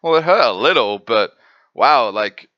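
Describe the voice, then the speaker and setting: A man's voice: medium pitch, animated, measured pace, dry recording, lo-fi sound, natural voice. A man voicing a cocky young male fighter, casually paraphrasing. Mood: impressed.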